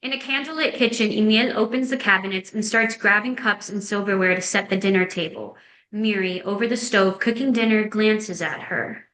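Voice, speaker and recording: A woman's voice: medium pitch, normal speed, a bit bright, a little hiss or hum. A woman narrating, reading a screenplay's scene and action lines in a plain, descriptive way. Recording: echoey room.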